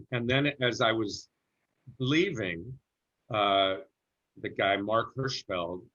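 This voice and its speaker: Deep-voiced man telling a story. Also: animated, slow pace, bright, forceful tone. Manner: chatty anecdotal storyteller who slips into character voices for quotes. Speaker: actor telling a career story. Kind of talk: relaxed interview storytelling. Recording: muffled lo-fi sound.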